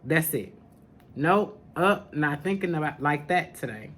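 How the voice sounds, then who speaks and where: A woman talks slowly and deliberately, drawing out her words as she hosts a spiritual podcast. Her tone is sassy and familiar, and she calls her listeners honey and baby in a casual chat to camera. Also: low-pitched, lively intonation, a bit bright. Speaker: podcast host, spiritual teacher.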